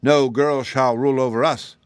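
A man putting on a chorus of proud, scornful roses from a fairy tale. They speak high and loud, in haughty demands full of disdain. The voice sits dry and close to the mic. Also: expressive, normal speed, no room sound, close to an everyday voice. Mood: indignant.

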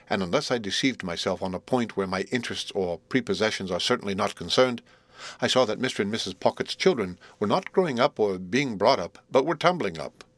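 A man narrating a classic novel as an audiobook, reading in a measured, even manner. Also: on the low side, dry recording. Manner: measured, even reading of old literary prose. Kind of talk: scripted narration.

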